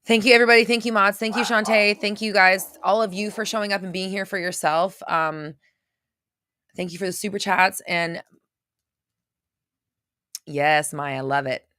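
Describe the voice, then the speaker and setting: A woman's voice: medium pitch, steady tone, normal speed, pauses often, bright, forceful tone, no echo. A woman hosting a livestream and answering viewer questions, blunt and intense, hammering points home with repetition. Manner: blunt, intense, repeats phrases for emphasis. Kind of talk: unscripted livestream talk.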